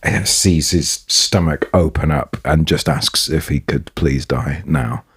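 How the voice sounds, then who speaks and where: A man's voice: rumbling low, slow pace, a bit bright, husky. A man co-hosting a podcast, telling stories in casual chat with hesitant restarts. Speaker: podcast co-host.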